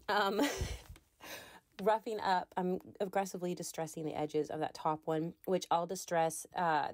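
A woman's voice: on the low side, darkish tone, no echo. Chatty woman, dry close voice. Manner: chatty, frequent ums, laughs lightly. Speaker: scrapbooking video creator. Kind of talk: casual voice-over while crafting. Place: craft room at home.

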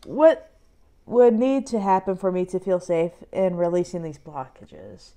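A woman's voice: fairly low pitch, lively intonation, takes it slowly, mellow. A young woman doing a casual tarot reading for herself on camera, talking emotionally and sighing and laughing through tears. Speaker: tarot reader and vlogger. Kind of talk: casual self-reading vlog.

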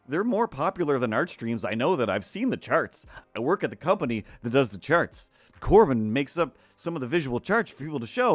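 A man chatting on his stream in a relaxed, rambling way, jokey and quick to argue with himself. His pitch moves around a lot, and the mic is close and dry. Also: no echo, soft background music. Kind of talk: casual art stream chat.

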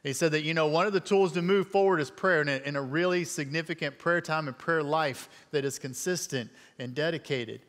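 A middle-aged man, a guest speaker at a church, telling a personal story in a relaxed, conversational sermon full of fillers and folksy asides. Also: a little high, a little fast, hardly any pauses. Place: church sanctuary. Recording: long hall reverb.

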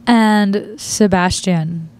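A woman's voice: medium pitch, very slow, a little mellow, clear, resonant tone. A woman interviewing cast members for a local channel, upbeat and enthusiastic. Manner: enthusiastic, bubbly.

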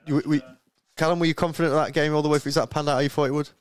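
A man's voice: a little high, little pitch movement, rapid-fire, smooth. A young man hosting a live tournament stream, joking around and laughing easily. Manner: jokey, self-deprecating, laughs easily. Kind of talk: casual live-stream commentary.

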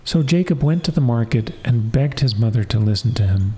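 A man calmly reading a fairy tale as a soft-spoken bedtime story. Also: medium pitch, brisk.

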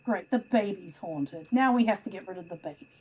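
A woman's voice: medium pitch, a little fast, darkish tone, breathy edge. A woman chatting casually while playing a co-op horror game with friends, playful and teasing, exclaiming at what happens on screen. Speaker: game streamer. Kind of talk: casual co-op gaming chat.

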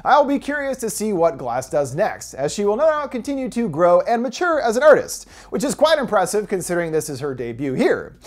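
A host retelling a film's story in a casual recap, slipping in wry, joking asides. The voice swings up and down freely as it talks, never settling into a flat read. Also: medium pitch, brisk, few pauses. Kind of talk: casual film recap narration.

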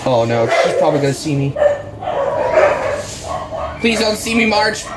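A woman's voice: deep voice, sing-song, moderate pace, heavy background noise. A woman doing exasperated, rambling horror game commentary, with game music and barking dogs behind her. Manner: exasperated, frequent groans and "bruh". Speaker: gaming channel host.

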